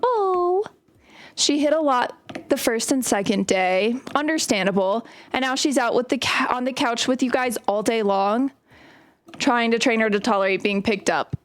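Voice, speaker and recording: Young woman streamer, higher voice, easygoing storyteller, casual gaming chat. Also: moderate pace. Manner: chatty, storytelling while playing.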